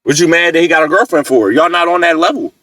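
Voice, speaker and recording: A man's voice: on the high side, fast talker, pushed and bright, dry recording. A man giving casual, joking, slang-heavy reaction commentary. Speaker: reaction host.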